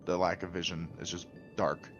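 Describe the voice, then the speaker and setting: A man's voice: sits low, little pitch movement, moderate pace, a bit bright, highs cut off, soft background music. A man playing a tabletop game, chatting casually and joking with hesitant restarts. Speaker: player.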